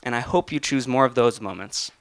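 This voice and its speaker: A young motivational speaker with a mid-range voice gives an earnest talk and tells a personal story at a brisk pace, making some restarts as he grows emotional. The recording is very noisy.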